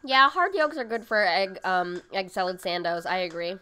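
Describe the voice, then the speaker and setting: A woman's voice: medium pitch, moderate pace, pushed and bright, soft background music. A woman hosting a cooking livestream, chatting casually with viewers and rambling with lots of fillers. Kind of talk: casual chat reading viewer comments. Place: home livestream setup.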